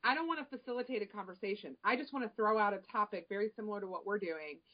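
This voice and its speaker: A woman's voice: medium pitch, very fast, lo-fi sound. A woman who presides over a local early childhood chapter, chatting casually and telling stories with enthusiasm on a podcast. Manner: enthusiastic, storytelling, many restarts.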